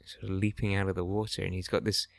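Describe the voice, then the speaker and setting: A man's voice: deep voice, flat delivery, quick pace, vocal fry, no room sound. A young British man co-hosting a podcast, dry and curious, asking playful questions. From Britain. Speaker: podcast co-host. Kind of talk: casual chat.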